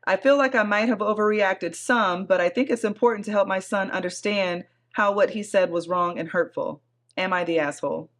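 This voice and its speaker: A woman's voice: mid-range voice, a little fast. A woman co-hosting a podcast, chatting casually with frequent laughter and blunt, salty remarks, and reading forum posts aloud. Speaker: podcast co-host.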